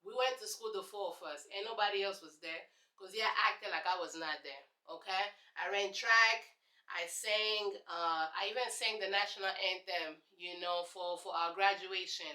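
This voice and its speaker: A young woman from Congo with a Congolese accent, a native Lingala speaker, telling sarcastic, animated stories to camera as a vlogger. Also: medium pitch, moderate pace. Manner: sassy, sarcastic, animated storyteller. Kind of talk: casual storytelling to camera. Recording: echoey room, voice off-mic.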